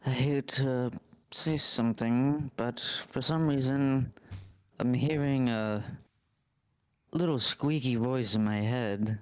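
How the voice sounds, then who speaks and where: A man's voice: mid-range voice, slow, smooth, no room sound. Hesitant man playing his character. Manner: hesitant, polite, stumbling. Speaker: player. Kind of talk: tabletop role-play in character.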